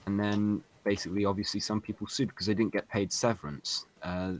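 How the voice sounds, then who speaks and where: Rambling low-voiced man explaining. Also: little pitch movement, fairly quick, no room sound, poor audio. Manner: rambling explainer, many fillers. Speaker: podcast co-host. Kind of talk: casual group chat.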